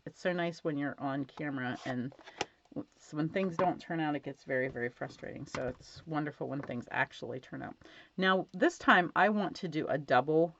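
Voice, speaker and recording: Sitting low in pitch at a moderate pace, with a little hiss or hum, a stamping instructor chats casually at her craft desk at home. She gushes over her cards and uses many fillers, and the home recording sounds dull and lo-fi.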